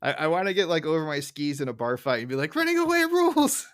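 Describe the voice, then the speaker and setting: A man's voice: on the high side, fast, fairly bright tone, smooth. Man, podcast co-host, casual banter, frequent laughter. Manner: laughs often, hesitant restarts. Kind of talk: casual chat.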